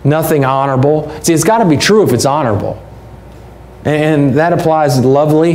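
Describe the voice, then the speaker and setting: A man's voice: on the high side, a little fast, a little mellow. A man, preaching a sermon as a pastor in a conversational, folksy way with rhetorical questions. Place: church.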